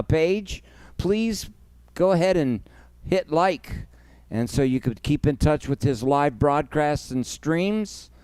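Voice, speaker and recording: Smooth-voiced emotional man hosting a livestream. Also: mid-range voice, no echo. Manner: emotional, effusive, thanks viewers warmly by name. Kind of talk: casual livestream chat.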